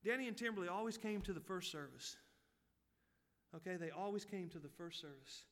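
A man tells a story from the pulpit in a high, bright, ringing voice. He drifts into hushed asides, then climbs into loud, fervent peaks. The sound carries the long reverb of a big church hall. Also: a little fast. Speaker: pastor. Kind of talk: sermon storytelling.

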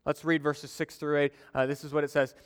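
A man's voice: fairly high pitch, little pitch movement, fairly quick, smooth. A young adult man preaching a conversational sermon as a pastor, telling stories and acting out quotes. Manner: conversational, storytelling with acted-out quotes. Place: church sanctuary. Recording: long reverb of a church hall.

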